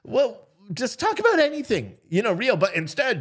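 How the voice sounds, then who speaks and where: A man's voice: very high-pitched, normal speed, hardly any pauses, breathy edge. A man hosting a profane, sarcastic political commentary rant. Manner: animated, profane, sarcastic, mocking impressions.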